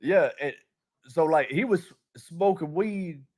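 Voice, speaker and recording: A man telling a long army story in loose conversation. He rambles, swears constantly and leans on fillers. His voice sits somewhat high for a man. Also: slow, darkish tone. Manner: rambling, profane, full of fillers. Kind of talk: casual storytelling chat.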